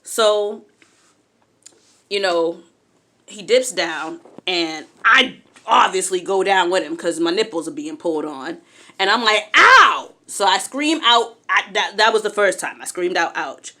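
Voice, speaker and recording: A woman's voice: fairly low pitch, unhurried. A young adult woman telling a personal story in a casual, candid way, acting out what others said. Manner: animated, candid, acts out quotes.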